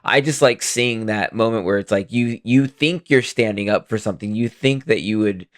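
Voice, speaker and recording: Low-voiced man musing on a film. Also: moderate pace, no echo, studio quality. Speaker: podcast co-host. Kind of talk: casual film discussion.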